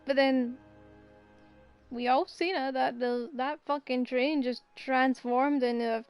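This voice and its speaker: A woman's voice: sits high, steady tone, slow pace, a little mellow, smooth, no room sound, soft background music. A woman casually commenting while she plays a video game, swearing and rambling. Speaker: gamer. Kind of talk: gameplay commentary.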